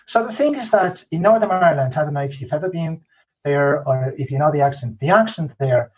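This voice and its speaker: A man's voice: on the high side, fairly quick, slightly rough. Man, Spanish accent, chatty guest, restarts a lot, dull lo-fi recording. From Spain. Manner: peppers talk with "okay?" and "you know", frequent restarts. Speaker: podcast guest. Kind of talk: casual interview storytelling.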